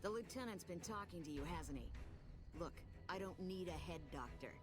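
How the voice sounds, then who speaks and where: A woman's voice: fairly low pitch, expressive, normal speed, lightly acted. An actress playing a tough female soldier who brushes off her trauma in a curt, defensive way. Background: game music.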